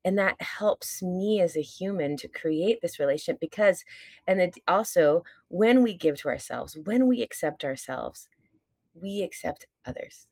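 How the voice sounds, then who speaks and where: A woman's voice: lowish voice, expressive, measured pace, darkish tone, no echo. A woman podcast guest and stage performer talking in casual chat, earnest, reflective and openly candid, now and then swearing.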